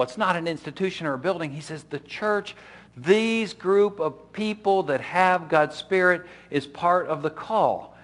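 A middle-aged man preaching to his congregation as pastor, his voice sitting a little higher than most men's. He talks in a loose, conversational way, restarting phrases and dropping in asides as he explains the passage. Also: a bit bright. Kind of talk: sermon.

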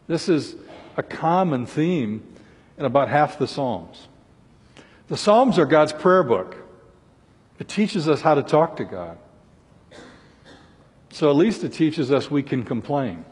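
Husky-voiced preacher in a reverberant hall. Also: male voice, fairly high pitch, sing-song, slow, pauses often. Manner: earnest, voices scripture laments with rising intensity. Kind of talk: sermon.

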